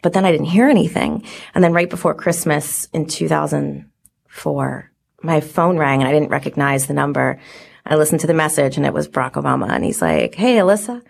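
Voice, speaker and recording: A woman's voice: low-pitched, a little fast, creaky, slightly rough. A woman in her forties, a podcast guest telling stories in casual chat, full of "like" fillers. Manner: chatty storyteller, many "like" fillers.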